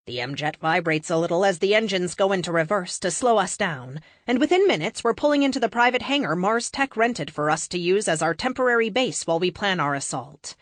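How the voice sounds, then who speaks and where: Expressive woman reading an audiobook. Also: fairly low pitch, fairly quick, hardly any pauses, no echo, clean studio sound. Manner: expressive storytelling. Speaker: audiobook narrator. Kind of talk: first-person audiobook narration.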